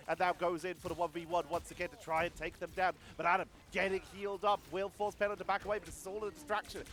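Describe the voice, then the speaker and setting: A man casting a competitive video game match live, giving rapid play-by-play and chatting about viewer comments. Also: high voice. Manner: rapid excited play-by-play, talks to chat. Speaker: esports caster.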